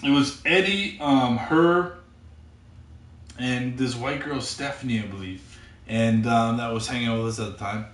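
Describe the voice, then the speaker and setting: A man's voice: medium pitch, a little slow, recorded from a distance. Rambling, swearing man in an echoey room. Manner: rambling, swears constantly, repeats himself, grows loud and excited. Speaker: podcast storyteller. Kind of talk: casual profane storytelling.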